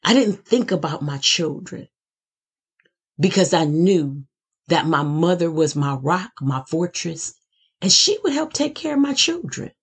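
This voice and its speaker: A middle-aged woman minister giving a personal testimony, slow and dramatic, building emphasis through repetition. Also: fairly low pitch, sing-song, husky.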